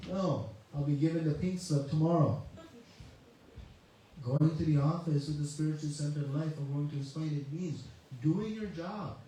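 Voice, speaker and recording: A man's voice: fairly high pitch, moderate pace, warm tone, slight background noise. A man, a spiritual teacher, giving a conversational sermon with a story. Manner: conversational, uses many "you know" asides. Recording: echoey hall, mic far off, faint ambience.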